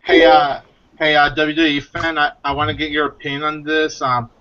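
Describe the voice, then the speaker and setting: A man's voice: fairly high pitch, flat delivery, moderate pace, sharp tone. A man hosting a casual live stream chat, laid-back and teasing, swearing now and then. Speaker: host. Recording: dull lo-fi audio with faint noise.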